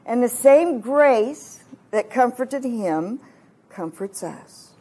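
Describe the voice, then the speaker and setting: A woman in her sixties from Kansas giving a heartfelt testimony sermon at a retreat, moving between hushed and emphatic delivery. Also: a little high, expressive, drawn-out words, slightly rough. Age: 60s. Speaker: retreat speaker.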